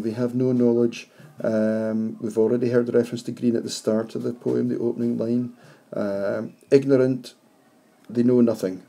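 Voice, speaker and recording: Gravelly, dark-voiced male teacher. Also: mid-range voice. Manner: reflective, poses questions to students. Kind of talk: classroom poetry analysis.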